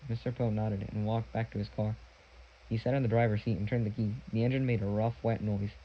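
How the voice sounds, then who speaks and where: A man narrating a children's novel aloud in a plain, even reading with small restarts. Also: on the low side, brisk, muffled recording, slight background noise. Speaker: audiobook reader. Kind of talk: storybook narration.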